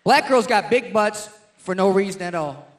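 A man's voice: high voice, lively intonation, moderate pace. A man doing a stand-up comedy routine in a brash, punchy manner, teasing the crowd.

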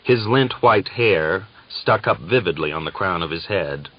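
A man narrating an audiobook in a measured, dramatic manner. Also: low-pitched, animated, lo-fi sound.

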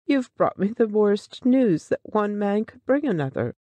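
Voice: medium pitch, sing-song, unhurried, warm tone, dry recording, voice pushed up. A reader voicing a grave, loyal partner. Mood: solemn sorrow. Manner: solemn, sorrowful.

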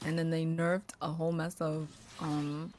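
A woman's voice: deep voice, little pitch movement, moderate pace, a little mellow, a little hiss or hum. A woman hosting a game stream, chatting in a friendly, casual way with her teammates. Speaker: streamer host. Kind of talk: casual gaming chat.

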